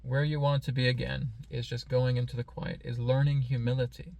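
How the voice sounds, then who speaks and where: A man speaks as a spiritual teacher in a slow, calm, meditative way. His voice is gravelly and keeps an even, level pitch. He talks in a reflective, teaching manner. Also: no room sound. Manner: playfully mimics excited voices.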